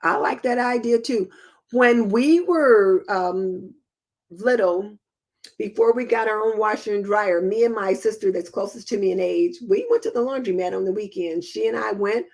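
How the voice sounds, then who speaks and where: Middle-aged woman host, casual live-stream chat, homey and practical, mid-pitched. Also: moderate pace, a little mellow.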